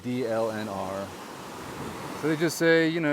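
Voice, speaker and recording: A man films himself with a handheld gimbal camera outdoors, talking bluntly and with frustration right at his viewers. His voice sits at an ordinary middle pitch, and steady outdoor ambience with passing traffic is clearly heard around him. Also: measured pace. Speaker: vlogger and real estate agent. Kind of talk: handheld walk-and-talk vlog.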